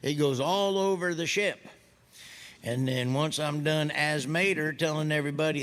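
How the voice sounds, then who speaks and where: A man doing stand-up comedy, telling folksy stories loudly and mimicking other people's voices. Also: a little high, fairly quick. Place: stage before a live audience. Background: audience laughter.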